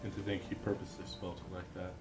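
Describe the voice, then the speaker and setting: A man's voice: low-pitched, completely flat delivery, very fast, over loud music. A man playing in a tabletop game, making dry, wry remarks. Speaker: player. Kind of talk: casual chat at a tabletop game.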